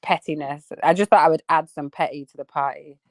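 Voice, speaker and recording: A woman's voice: deep voice, fairly even intonation, fairly quick, no room sound. A woman chatting on a podcast panel, gossipy with laughing asides. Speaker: panel guest. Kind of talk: casual reaction chat.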